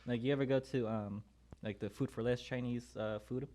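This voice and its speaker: A laid-back young man ribbing his co-host on a casual podcast, dropping "bro" and "man" into his sentences. His voice has an ordinary middle pitch for a man. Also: fairly even intonation, moderate pace, warm tone. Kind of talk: casual chat.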